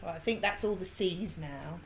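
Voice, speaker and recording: A woman's voice: on the low side, normal speed, vocal fry, faint music behind. A woman with a Birmingham accent, chatting casually and laughing while she works on a craft during a livestream. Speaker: livestream host.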